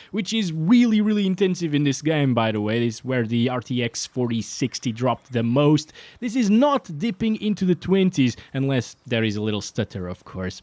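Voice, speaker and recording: A man giving casual, excitable commentary over his own gameplay, laughing often and restarting his sentences. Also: a little high, no echo. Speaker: gaming hardware youtuber.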